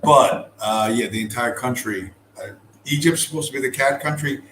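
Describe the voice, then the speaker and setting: A middle-aged podcast host from the United States speaks at normal speed in a medium-pitched voice, telling a long, profane, rambling story in a casual way. Fillers and restarts are constant. The recording sounds roomy, with faint background noise.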